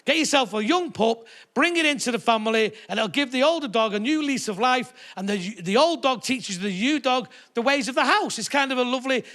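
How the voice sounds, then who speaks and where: A man's voice: very high voice, lively intonation, a little fast, few pauses. A middle-aged man doing a brash, sweary stand-up routine, telling stories to a live theatre audience. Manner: brash, sweary storytelling with shouted put-on voices. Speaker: stand-up comedian.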